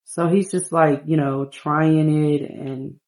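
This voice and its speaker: A woman narrating her life-sim gameplay in a rambling, relaxed storytelling manner. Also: low voice, slow pace. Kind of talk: casual game narration.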